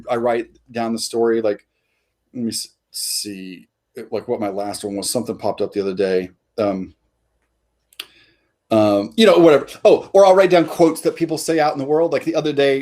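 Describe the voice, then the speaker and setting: A man's voice: medium pitch, a little mellow. A man, a comic artist guest, chatting casually in an interview and rambling with many fillers and restarts.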